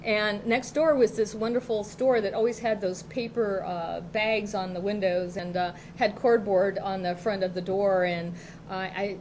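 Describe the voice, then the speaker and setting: A woman's voice: mid-range voice, steady tone, a little slow, darkish tone, a little hiss or hum, low-quality recording. A middle-aged woman co-hosting a local TV talk show, telling rambling childhood stories in casual chat and often laughing. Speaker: co-host. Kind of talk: casual chat, personal storytelling. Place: local TV studio.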